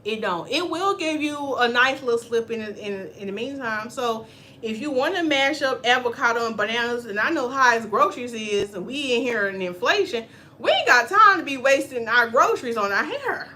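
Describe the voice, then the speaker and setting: Bright-voiced, animated woman hair stylist. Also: a little high, normal speed, a little hiss or hum. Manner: animated and chatty, acts out quoted voices. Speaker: natural hair stylist and channel host. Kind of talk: casual spoken hair-care class.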